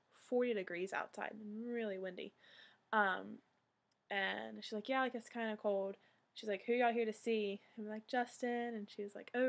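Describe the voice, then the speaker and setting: A woman's voice: mid-range voice, gravelly, a bit bright. A young woman, telling a story in a chatty vlog style full of fillers. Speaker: vlogger. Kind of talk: casual storytelling.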